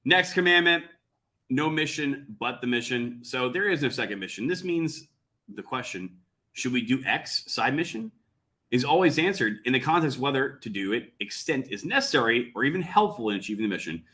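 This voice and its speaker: A man's voice: mid-range voice, animated, a little fast, sharp tone. A man reading a document aloud and commenting on it with sarcastic, mocking asides. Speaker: commentary vlogger.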